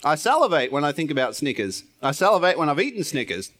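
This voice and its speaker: A man's voice: on the high side, big pitch swings, quick pace, a bit bright. A man preaching an informal sermon in church, chatty and playful, often laughing at himself. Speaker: pastor.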